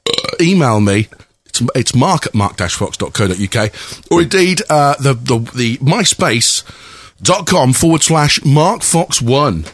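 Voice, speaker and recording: A man's voice: mid-range voice, lively intonation, unhurried, husky, dry recording. A man hosting a podcast, chatting casually with rambling, jokey banter. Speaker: podcast host. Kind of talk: casual comic chat.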